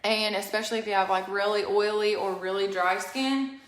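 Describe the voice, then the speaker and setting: A woman's voice: medium pitch, steady tone, moderate pace, slight background noise. Young woman doing a makeup live on her phone, out of breath, rambly, kinda echoey room. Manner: chatty, rambling, apologetic asides. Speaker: makeup seller and live-stream host. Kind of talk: casual live-stream makeup tutorial.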